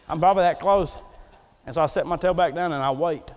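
A man's voice: fairly high pitch, moderate pace, highs cut off. A man preaching a folksy, storytelling sermon in a church, acting out the quotes as he goes. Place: church hall. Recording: echoey hall.

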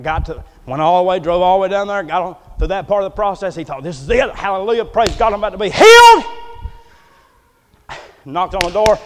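A man's voice: a little high, a little mellow, slight background noise. A man preaching a folksy, storytelling sermon in a church, acting out the quotes as he goes. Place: church hall. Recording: echoey hall.

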